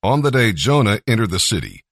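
A man narrating a scripture story in a measured, expressive reading. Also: fairly low pitch, vocal fry, slightly rough, no room sound, clean studio sound.

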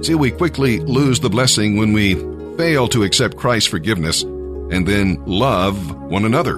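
A man giving a steady, measured reading of a Bible passage as the regular reader. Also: lowish voice, soft background music. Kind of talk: scripture reading.

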